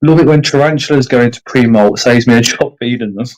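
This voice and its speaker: A man's voice: medium pitch, quick pace, a little mellow, rough recording. Man, live stream host, casual chat, reads comments, jokey. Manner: chatty, self-deprecating, reads out comments. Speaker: livestream host. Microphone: streaming setup.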